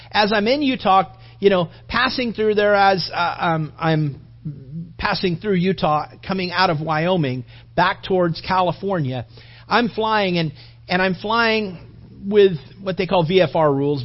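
A man preaching a sermon, telling a story with lively character voices and then drifting into a relaxed personal anecdote full of restarts. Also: on the high side, muffled recording. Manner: animated storytelling preaching, voicing characters, rising loud then dropping soft; conversational anecdote with fillers and restarts. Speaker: pastor.

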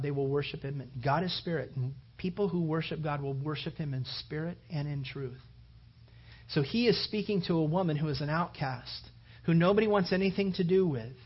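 Man, pastor, sermon, high voice, emphatic preaching, muffled lo-fi recording. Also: slightly rough. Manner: builds to loud, emphatic preaching.

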